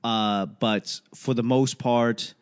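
A man's voice: mid-range voice, steady tone, slow, clear, resonant tone. A man from the United States in casual chat, laid-back, swearing freely and acting out quoted voices.

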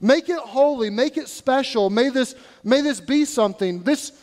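A man's voice: extremely high pitch, moderate pace, darkish tone. A male pastor preaching a sermon in a conversational way, asking his congregation rhetorical questions. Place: church sanctuary. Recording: church hall reverb.

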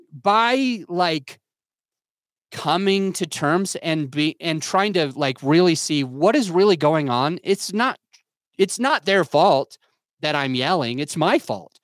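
Earnest man with a fairly high voice. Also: animated, slow pace, no echo. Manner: earnest, searching, self-critical, restarts often. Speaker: podcast guest, entrepreneur and father. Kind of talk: candid reflective podcast talk.

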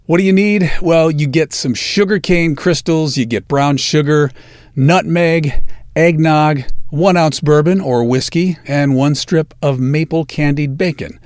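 A man hosting a podcast, talking casually and enthusiastically about food with drawn-out emphasis. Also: a little high, no room sound, studio quality. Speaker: podcast host.

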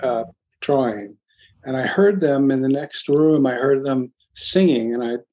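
An older man from Philadelphia, a guest in an interview, telling his story in a rambling, halting way with many restarts. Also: medium pitch, mellow. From Philadelphia, USA. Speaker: guest, music producer.

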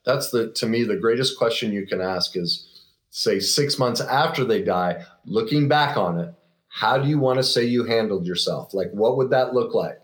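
A middle-aged man with a medium-pitched voice tells a personal story as a guest. He sounds earnest and reflective, often pausing and starting over.

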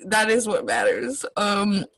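A woman's voice: medium pitch, big pitch swings, measured pace, crowd noise, poor audio. A woman co-hosting a podcast in casual chat, talking with many fillers and restarts. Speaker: podcast co-host.

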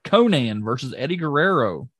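A man chatting on a podcast, his pitch leaping up and down as he gets worked up. The sound is dry and close, with no room around it. He is excitable and jokey, breaking off mid-sentence and starting over. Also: normal speed, no room sound. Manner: excitable, jokey, trails off and restarts. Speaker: podcast co-host recapping wrestling. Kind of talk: casual chat.

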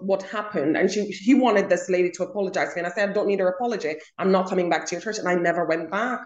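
Telling a personal story in a casual conversation she co-hosts, a young adult woman repeats words to drive her points home. Her pitch is medium, and the recording sounds muffled with a roomy echo.

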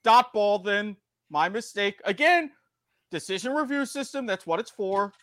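A man's voice: sits high, lively intonation, a little slow, fairly bright tone, dry recording, clean studio sound. A man co-hosting a podcast in casual chat, laid-back and teasing. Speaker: podcast co-host.

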